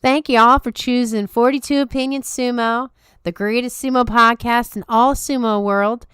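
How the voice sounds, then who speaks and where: A woman voicing an overly sweet Southern woman reading a podcast outro plug in a slow, drawn-out way. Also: fairly high pitch, steady tone, a bit bright, clear, resonant tone, no room sound, studio quality, voice pushed up, close to an everyday voice. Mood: syrupy. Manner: slow, drawn-out sugary delivery.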